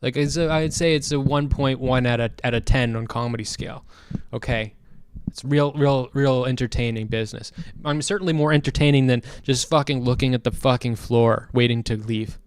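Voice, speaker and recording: A man's voice: medium pitch, moderate pace, smooth. A man streaming, chatting casually in a profane, ranting way. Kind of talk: casual chat.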